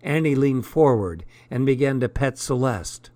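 A man reads a first-person story aloud at a notably slow, deliberate pace. His voice sits in an ordinary middle pitch. The recording is close and dry, with no room echo. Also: animated, darkish tone. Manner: unhurried, deliberate reading. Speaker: audiobook narrator.

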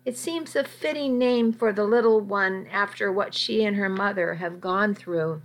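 Soft-spoken Texan rancher, read by a woman. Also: mid-range voice, a little slow, natural voice. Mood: soft courteous. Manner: soft, courteous drawl.

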